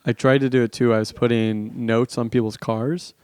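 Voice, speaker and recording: A man's voice: mid-range voice, little pitch movement, moderate pace, a little mellow, smooth, dry recording. A man who is a comedian, telling stories animatedly in a casual podcast chat and laughing often. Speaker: comedian guest.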